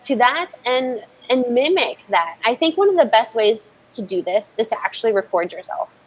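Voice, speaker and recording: A woman's voice: fairly high pitch, very animated, moderate pace, husky, low-quality recording. A woman giving an informal online talk as an English communication coach, chatting loosely and often checking in with "right?". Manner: thinks aloud with frequent fillers and restarts.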